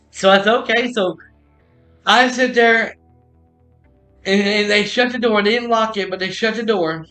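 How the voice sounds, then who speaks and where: A man hosting a podcast live stream, telling a long story in a rambling, excitable way with many restarts. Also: sits high, a little slow, pauses often. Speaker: podcast host. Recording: roomy echo with faint music.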